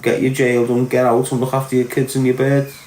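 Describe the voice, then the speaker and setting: In a roomy, echoing space with faint music, a middle-aged Liverpudlian podcast host lectures to camera, blunt and full of swearing, without a script. His mid-range, darkish voice barely shifts in pitch and runs a little fast.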